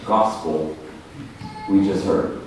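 A man preaching a sermon in a church hall, emphatic, dropping to a hush and then rising loud again. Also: sits low, slow pace, background noise. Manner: emphatic, swings between hushed and loud. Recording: echoey hall, mic far off.

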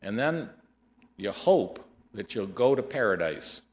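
An earnest old homeless man answers in simple, hesitant phrases, as a male preacher puts him on. The voice stays close to the preacher's own, pitched a touch higher and told within a sermon story. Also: sing-song, unhurried. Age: older.

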